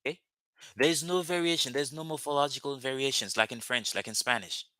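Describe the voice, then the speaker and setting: Man, Creole speaker, language teacher on a video call, repeats words slowly, dry close sound. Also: medium pitch, sharp tone, no echo. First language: Haitian Creole. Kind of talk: live online language lesson.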